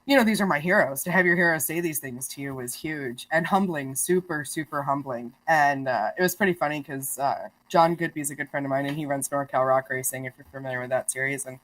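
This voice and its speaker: A woman guest on a podcast, telling stories in a casual, animated way, laughing often and restarting her sentences. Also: sits low, fairly quick, few pauses. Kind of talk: casual storytelling.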